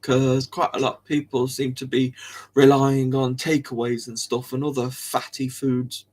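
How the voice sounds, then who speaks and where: A man's voice: mid-range voice, flat delivery, normal speed, darkish tone. A young man, chatting casually on a live stream, rambling, restarting sentences and giggling often.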